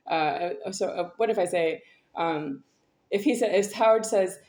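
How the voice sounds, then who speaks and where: A woman talking in a rambling personal monologue. She speaks haltingly, with many fillers and restarts, and sounds intense and aggrieved. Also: mid-range voice, a little mellow. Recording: echoey room.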